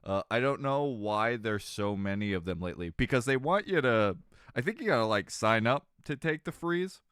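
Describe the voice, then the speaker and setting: Man, faint Southern American twang, casual rambling stream chat, jokey, animated pitch. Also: normal speed, smooth, no echo, clean studio sound. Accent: slight Southern American twang. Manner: rambling, jokey, often laughing mid-sentence. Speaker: streamer chatting with viewers.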